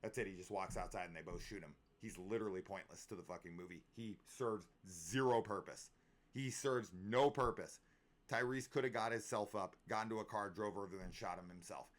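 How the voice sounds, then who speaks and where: A man tears into a horror film in an exasperated, profane rant. His voice sits a little low. He circles back on points in loud disbelief and fills the gaps with likes and repeats. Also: quick pace, hardly any pauses. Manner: exasperated, incredulous and profane, with frequent fillers and repeats. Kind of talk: ranting film review.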